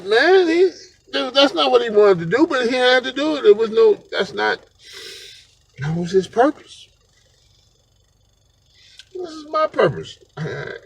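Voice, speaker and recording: A vlogger with a very high, husky voice full of vocal fry talks straight to camera in an unscripted monologue. He rambles in slang and keeps breaking into laughter.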